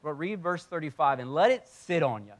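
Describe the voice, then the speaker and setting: A man preaching a sermon as a church pastor, animated, acting out voices and dropping to soft, intense moments. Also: a little high, a little fast. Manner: animated, acts out voices of Bible figures, drops to soft intensity. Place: church sanctuary.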